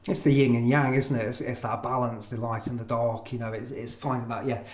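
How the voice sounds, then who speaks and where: A man asking questions in a casual podcast chat, chatty and quick to repeat words as he starts. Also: mid-range voice, level tone, reverberant. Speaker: interviewer. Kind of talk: casual conversation.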